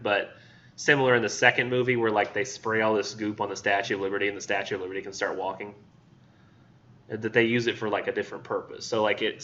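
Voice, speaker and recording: A man's voice: lowish voice, pushed and bright. Rambling man lecturing a class. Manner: rambling, filler-heavy, acts out silly voices. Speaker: college literature instructor. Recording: dull lo-fi classroom recording.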